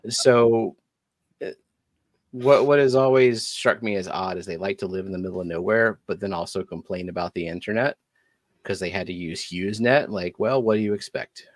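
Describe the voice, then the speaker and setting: A man's voice: on the low side, moderate pace, no room sound. A man hosting a casual live stream chat, talking in a dry, wry, complaining way. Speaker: livestream host.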